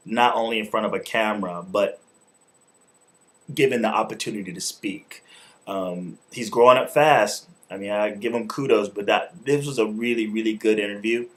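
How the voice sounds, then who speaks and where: A man hosting his own video show, giving a loose, informal spoken review in casual slang with some swearing. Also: lowish voice. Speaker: show host and wrestling reviewer. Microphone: camera mic, talking to camera.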